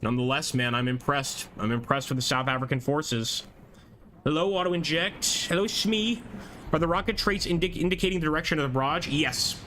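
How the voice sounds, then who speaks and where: Bright-voiced man streaming a war game. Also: a little high, brisk, slight background noise. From American. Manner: excited, chatty, laughs often, reads chat aloud. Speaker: gameplay streamer. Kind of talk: live-streamed game commentary.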